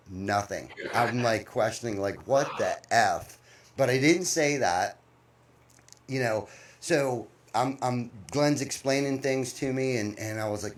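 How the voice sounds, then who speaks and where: A man of ordinary pitch tells stories from his business in a loose, animated podcast chat. He is blunt and swears casually. His delivery is conversational and direct. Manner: animated storyteller, blunt and profane. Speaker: podcast host, business owner.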